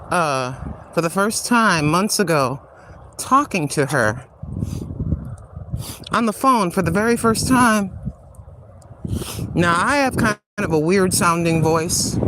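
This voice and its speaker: A woman's voice: fairly low pitch, noisy background. An older woman hosting a casual livestream while walking outdoors on a street, chatty and rambling, laughing often as she digresses. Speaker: livestream host.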